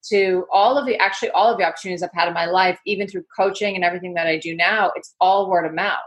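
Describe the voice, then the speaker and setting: Fast and fairly low-pitched, a New York woman being interviewed tells her story in an energetic, chatty, rambling and casual fashion.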